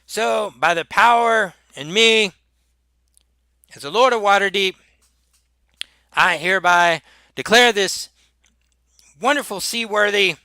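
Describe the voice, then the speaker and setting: Man playing a pompous noble lord, grandiose speechmaker, raised pitch, bright tone. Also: slow pace, pauses often, clear, resonant tone, dry recording, full character voice. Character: pompous male noble lord, showy and fussy.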